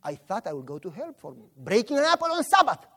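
Animated Romanian-accented man preaching. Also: sits high, fast. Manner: animated storytelling, voices his characters. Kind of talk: sermon with acted-out stories.

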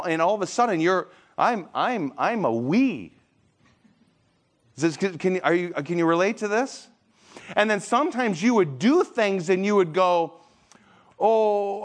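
A man giving a conversational church seminar, acting out the voices of children and parents as he tells his story. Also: medium pitch. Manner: animated, acts out voices of kids and parents. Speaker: seminar speaker.

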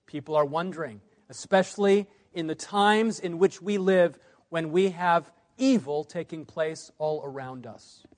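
A man in his forties from the United States, giving a sermon presentation. He swings between loud emphasis and quiet phrase endings. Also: a little slow. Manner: varies loudness widely, drops low at phrase ends. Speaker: preacher.

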